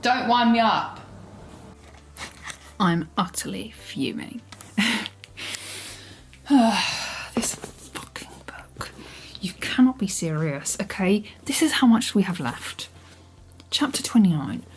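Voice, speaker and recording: A young woman reacting out loud to a book she is reading, exasperated, swearing and scolding the characters, sometimes dropping to a whisper. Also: medium pitch, lively intonation, slow pace, pauses often. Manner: drops into whispers at times. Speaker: book vlogger. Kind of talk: casual reading vlog reactions.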